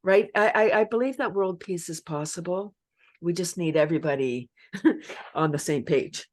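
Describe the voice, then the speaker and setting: A woman's voice: fairly low pitch, moderate pace, darkish tone. A middle-aged woman who leads laughter yoga, talking animatedly in a casual interview and laughing often. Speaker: laughter yoga leader and guest.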